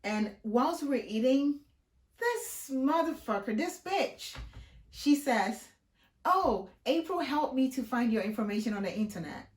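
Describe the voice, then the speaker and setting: A woman vlogger telling a story in a casual, animated way, her voice jumping high when she is outraged. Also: measured pace, roomy sound.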